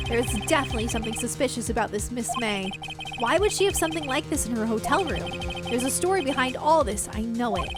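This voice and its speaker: A woman reading the lines of an earnest, determined young male defense lawyer from a game aloud in her own voice. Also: high-pitched.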